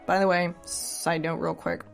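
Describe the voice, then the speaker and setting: A tipsy woman tells a story in a low, gravelly voice. She rambles a little and breaks off for asides. She is recording under a blanket at home, with faint music behind her. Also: steady tone, measured pace. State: drunk. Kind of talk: casual story reading.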